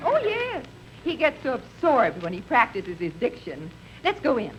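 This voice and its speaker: A woman's voice: fairly high pitch, wildly swooping pitch, moderate pace, highs cut off. A woman playing a sweet, doting housewife in a 1950s radio comedy, with a sugary, coaxing, sing-song manner. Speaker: announcer's wife. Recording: faint hiss of old radio broadcast.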